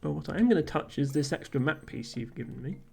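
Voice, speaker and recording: A woman's voice: low voice, animated, fast talker, gravelly, warm tone, husky, faint music behind. A woman streamer playing a game live, chatting casually, laughing often and reading game text aloud.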